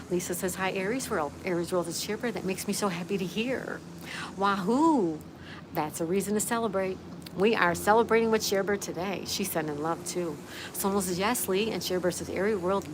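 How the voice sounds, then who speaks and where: A woman's voice: lowish voice, noisy background. A woman hosting a casual livestream outdoors, reading viewers' comments aloud and chatting back to them in a friendly way. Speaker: livestream host. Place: outdoors, with a view.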